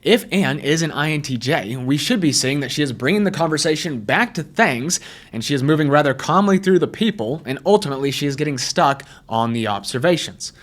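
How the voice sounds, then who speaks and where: A chatty man hosts a casual commentary, tossing out rhetorical questions and correcting himself as he goes. His voice sits a little high for a man. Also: lively intonation, a little fast. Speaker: YouTube host, personality typing commentator. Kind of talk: casual commentary over clips.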